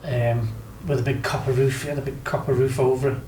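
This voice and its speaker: A man from Liverpool, England, tells stories as a guest in relaxed conversation, his Scouse speech rambling and filled with "do you know what I mean." He speaks fairly quickly in a slightly mellow, mid-range voice with little pitch movement, recorded in an echoey room with faint noise.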